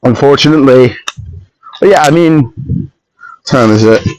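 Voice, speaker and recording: A man's voice: medium pitch, unhurried, darkish tone, rough recording. A man recording a solo podcast on his phone, rambling and ranting with strong opinions in a casual monologue.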